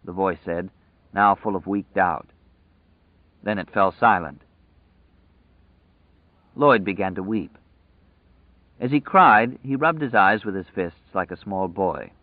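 A man narrating a story in a measured, vivid storytelling manner, over tinny phone-like audio. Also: sits low, no echo. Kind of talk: scripted narration.

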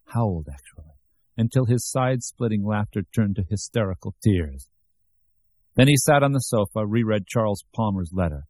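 A man narrates an audiobook in a low, mellow voice with measured, even storytelling. His tone has a husky grain, and the recording is dry and close. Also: no room sound. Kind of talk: scripted narration.

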